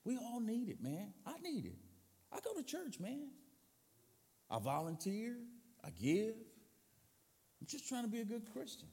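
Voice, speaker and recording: A man's voice: high voice, huge pitch swings, a little slow, long pauses, warm tone, long reverb tail. A man preaching a sermon in a casual, conversational way with slangy asides.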